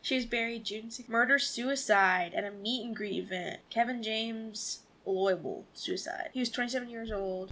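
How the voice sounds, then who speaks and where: A woman co-hosting a true crime podcast, reacting emphatically and reading facts quickly off her notes. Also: mid-range voice, sharp tone, slight background noise, poor audio. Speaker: podcast co-host.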